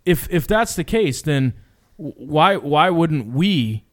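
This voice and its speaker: A man's voice: fairly high pitch, sing-song, slow pace. A man in a casual group chat, arguing his point, interrupting and repeating himself. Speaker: podcast co-host.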